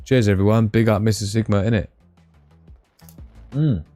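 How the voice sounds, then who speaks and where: Chatty man, low voice. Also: normal speed, dark tone, faint music behind. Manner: rambling, chatty, talks to viewers. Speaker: livestream host. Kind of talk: casual live-stream chat.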